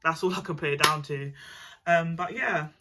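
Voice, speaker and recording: A woman's voice: deep voice, moderate pace, very noisy. A young woman with a nasal voice, telling a chatty, slangy personal story. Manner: chatty and animated, slangy, swears; mimics other people's voices. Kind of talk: casual storytime monologue.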